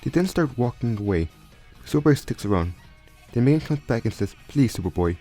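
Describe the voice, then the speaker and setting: A man's voice: mid-range voice, expressive, a little fast, warm tone. A man casually improvising a story aloud, often stumbling and restarting his sentences. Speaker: storyteller retelling a fan crossover story. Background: faint background music.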